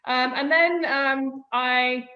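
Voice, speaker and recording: A British woman guest telling stories in a casual chat, lively and laughing often. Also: high-pitched, slow, reverberant, highs cut off. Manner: lively storytelling, laughs a lot. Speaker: guest author.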